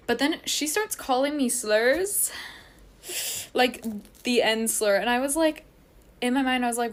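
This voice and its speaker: A woman's voice: on the high side, a little fast. Rambling teenage girl telling a story. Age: teens. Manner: rambling, heavy use of "like" fillers. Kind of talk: casual storytime chat. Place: at home getting ready.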